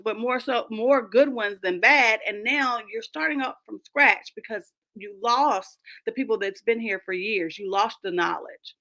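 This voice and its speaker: A woman coach speaking emphatically as a roundtable guest, animated and often laughing as she makes her points. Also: a little high. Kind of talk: roundtable conversation.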